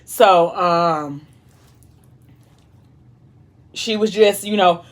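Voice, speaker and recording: Animated young woman retelling a story. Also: on the low side, very slow. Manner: animated, dramatic retelling with quoted dialogue and slang. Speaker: mukbang vlogger retelling a book. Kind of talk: casual storytelling chat.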